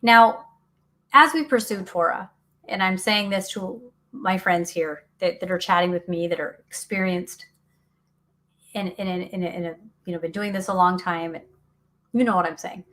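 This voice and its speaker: A woman's voice: lowish voice, steady tone, normal speed, fairly bright tone. A middle-aged woman hosting a faith talk show, speaking earnestly and animatedly, often laughing, reading out listener comments. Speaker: radio show host.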